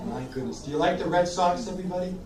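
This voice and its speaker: A man entertaining seniors at a live sing-along, chatting warmly between songs and coaxing the crowd to sing with him. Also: high voice, fast talker. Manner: chatty, encouraging, leads audience singing. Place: senior living community hall. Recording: roomy hall, heard from a distance. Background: instrumental backing music.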